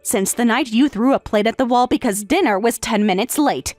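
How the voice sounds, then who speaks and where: A woman voicing a calm, sarcastic wife in a text-message story, speaking in a matter-of-fact way. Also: on the high side, normal speed, dry recording, soft background music, natural voice. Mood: cool, sarcastic. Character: calm, sarcastic wife who has left her husband.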